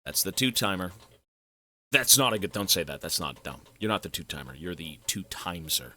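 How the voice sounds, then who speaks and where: A male live streamer chatting casually and thanking donors, excitable and effusive, swearing freely. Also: low-pitched, brisk, a little hiss or hum.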